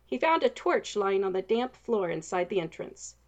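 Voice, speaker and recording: A woman narrating a storybook in an expressive, even reading voice. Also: medium pitch, normal speed, highs cut off.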